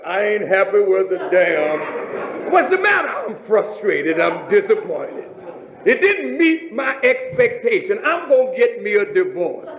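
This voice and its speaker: Preacher voicing a resigned, grumbling everyday man, low drawl, roomy lo-fi tape. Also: very animated, a little slow, full character voice. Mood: fed up. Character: weary disappointed everyday person, grumbling. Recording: roomy dull lo-fi archive recording.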